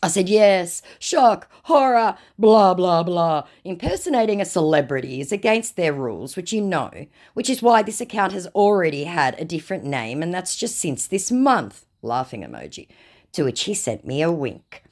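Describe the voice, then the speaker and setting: Lively, sarcastic woman telling a story. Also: on the low side, normal speed. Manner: sarcastic and mocking. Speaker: vlogger recounting scam chats. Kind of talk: storytime narration reading out chat messages.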